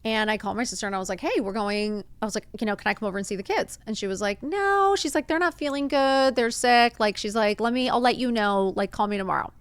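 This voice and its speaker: A woman hosting a podcast, telling a personal story in a casual, animated way, acting out quotes and saying "like" a lot. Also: mid-range voice, racing, hardly any pauses, clear, resonant tone, no echo. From Miami. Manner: animated, acts out quotes, says "like" often. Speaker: podcast host.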